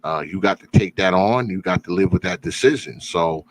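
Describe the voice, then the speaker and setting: Host, male, very low voice, relaxed call-in chat. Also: rough recording. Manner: laid-back, laughs often, drawn-out fillers. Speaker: host of live call-in stream. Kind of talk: casual live-stream chat.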